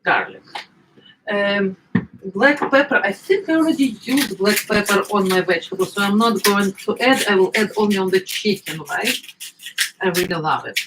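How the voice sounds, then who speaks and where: A middle-aged woman with an Eastern European accent, chatting casually as she cooks, often searching for words and filling pauses. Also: medium pitch, fairly bright tone, slight background noise, poor audio. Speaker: home cook. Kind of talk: casual cooking vlog chat.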